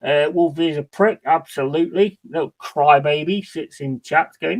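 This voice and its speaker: A man's voice: on the high side, moderate pace, hardly any pauses, dry recording. Man, frustrated sweary watch-along streamer, dry close sound. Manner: heavy swearing, ranting and frustrated; banters with chat and gives shout-outs. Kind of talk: live match watch-along commentary.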